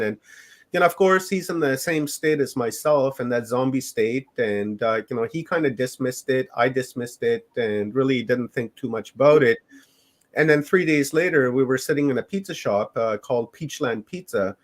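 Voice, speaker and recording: A middle-aged man from Canada, a podcast guest recounting his own experiences in a loose, unhurried way. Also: medium pitch. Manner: unhurried, rambling storytelling. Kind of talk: personal storytelling in an interview.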